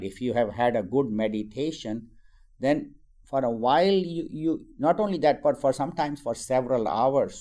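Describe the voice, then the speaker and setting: A man's voice: medium pitch, dark tone. A man teaching about the mind and meditation in a conversational way, often adding "you know" and acting out everyday remarks. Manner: conversational, frequent "you know" asides, acts out everyday quotes. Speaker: spiritual teacher.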